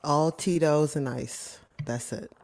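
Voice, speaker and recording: A woman's voice: low-pitched, takes it slowly, creaky, darkish tone. A woman panelist on a casual basketball postgame show, laid-back and teasing. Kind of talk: casual podcast chat.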